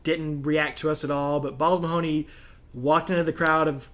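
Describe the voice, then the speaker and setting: A man's voice: on the high side, flat delivery, normal speed, fairly bright tone. A man, co-hosting a podcast and telling stories casually, often breaking into laughter. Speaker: podcast co-host. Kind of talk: casual storytelling chat.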